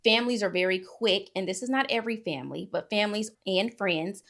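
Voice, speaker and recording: A middle-aged woman talking casually to her viewers. She gives faith-based encouragement, calls them y'all and keeps checking in with "okay?". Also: fairly quick. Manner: preachy and emphatic, addresses viewers as y'all, frequent "okay?" check-ins; swings between soft storytelling and loud, high exhortation. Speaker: YouTube creator giving faith-based encouragement. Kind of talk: casual motivational talk to camera.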